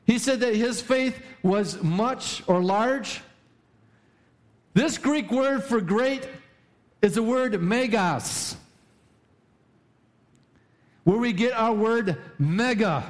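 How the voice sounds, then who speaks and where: Emphatic preacher, repeats lines, pitch swings. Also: male voice, expressive, takes it slowly, pauses often. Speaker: pastor. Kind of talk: sermon.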